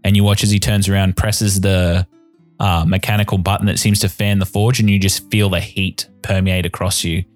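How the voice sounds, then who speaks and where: A man's voice: low-pitched, little pitch movement, normal speed, dry recording, soft background music. A man narrating as game master of a tabletop game, descriptive with frequent ums and uhs.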